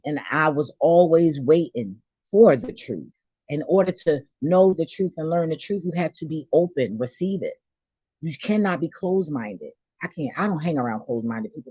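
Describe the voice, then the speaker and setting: A woman's voice: deep voice, dry recording, highs cut off. A woman delivering a blunt, profane, preachy rant on faith, confrontational and unfiltered, to her own channel. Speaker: vlogger. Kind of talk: ranting spiritual monologue.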